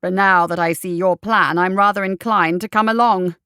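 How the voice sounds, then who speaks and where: Woman doing a blustering short male officer, brisk and self-important; storybook reading. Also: mid-range voice, fairly even intonation, bright, forceful tone, clear, resonant tone, no room sound, studio quality, lightly acted. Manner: brisk, pompous, clipped.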